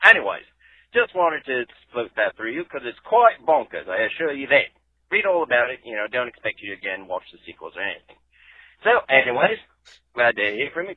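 A man's voice: mid-range voice, sing-song, moderate pace, husky, no room sound. Caller, male, jokey voicemail, fake Australian accent, phone-line sound. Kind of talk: casual voicemail message.

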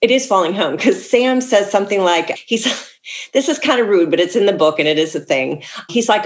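A woman author being interviewed, chatting casually with quick asides and frequent laughter. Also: mid-range voice, animated. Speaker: author guest.

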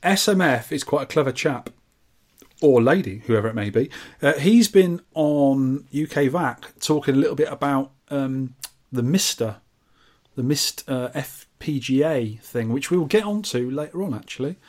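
On a retro gaming podcast, a male co-host with a mid-range voice speaks at a moderate pace. Reading out messages from listeners in a casual chat, he trades dry, teasing remarks and deadpan comments.

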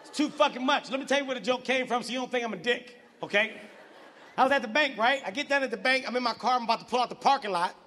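High-voiced man doing live stand-up. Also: very fast. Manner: profane, shouty, animated storytelling. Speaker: stand-up comedian. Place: large live venue. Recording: live venue with reverb and audience. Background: audience laughter.

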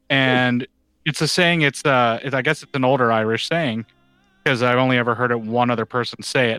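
A man hosting a casual podcast chat, telling stories with lively animation and plenty of swearing. His voice is bright and forceful. The sound is dry and close, with no room in it. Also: mid-range voice, clear, resonant tone, no echo. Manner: animated storyteller, swears freely. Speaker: podcast host.

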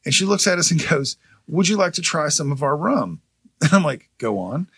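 A man's voice: fairly high pitch, very animated, normal speed, creaky, a bit bright, breathy edge, dry recording. A young man co-hosting a podcast, telling a travel story in casual, profane chat, laughing often. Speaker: podcast co-host.

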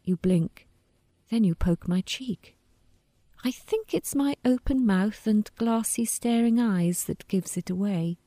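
Woman, story narrator, slow, deadpan, wry, dry close recording. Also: medium pitch, dry recording. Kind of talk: first-person story reading.

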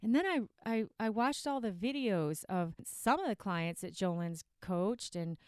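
A woman's voice: medium pitch, animated, a little slow, clear, resonant tone, no room sound, studio quality, close to an everyday voice. A woman voicing a self-pitying, procrastinating dieter who rambles and keeps getting distracted by food, in a comedic skit inside a podcast. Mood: dithering. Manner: rambling, procrastinating, easily sidetracked.

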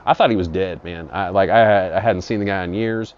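Low-voiced man rambling crudely. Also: a little fast, clean tone. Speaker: storyteller. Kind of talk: improvised comic monologue. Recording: dull lo-fi audio.

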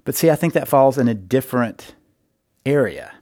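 A man's voice: mid-range voice, expressive, moderate pace, a little mellow, no room sound, clean studio sound. Earnest middle-aged man coaching couples. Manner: earnest, explanatory, repeats words for emphasis. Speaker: podcast host and marriage coach. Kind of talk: advice podcast monologue.

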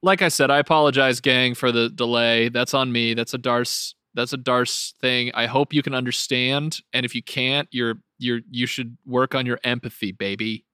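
A man's voice: mid-range voice, fairly even intonation, normal speed, hardly any pauses, bright, forceful tone, clean tone, no room sound, clean studio sound. A man hosting a podcast in a casual, joking chat, teasing his co-host.

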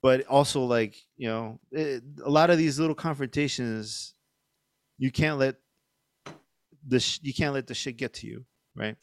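A man's voice: mid-range voice, normal speed, no room sound, clean studio sound. A middle-aged man, a podcast guest, telling a story casually with lots of fillers and swearing. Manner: rambling, profane, lots of fillers.

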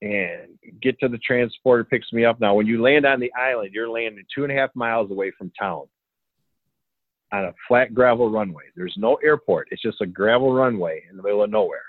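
A man telling a story in a casual, animated way, acting out the dialogue and chuckling as he goes. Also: fairly low pitch, a little fast, no echo. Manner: animated, acts out quoted dialogue, chuckles often. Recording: tinny phone line, dry.

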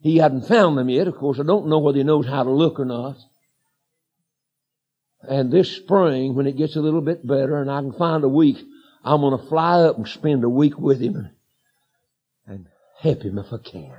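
A man preaching a revival sermon in church, telling homespun stories that build to shouted declarations. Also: medium pitch, moderate pace, pauses often, slightly rough. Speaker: evangelist preacher. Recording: dull lo-fi sermon recording.

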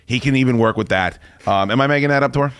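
Loud, profane male talk radio host. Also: medium pitch, fast talker, clean tone, dry recording, clean studio sound. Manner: loud, profane, laughing rants.

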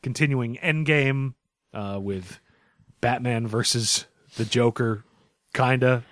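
A man's voice: medium pitch, slow, dry recording, studio quality. A man co-hosting a casual comics podcast, joking and swearing as he chats. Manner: joking, profane, does goofy impressions. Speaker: podcast co-host. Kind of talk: casual podcast chat about comics and films.

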